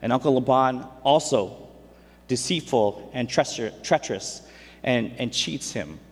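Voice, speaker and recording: A man's voice: medium pitch, measured pace, husky. A man preaching a casual sermon, retelling scripture in everyday, conversational speech. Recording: long hall reverb.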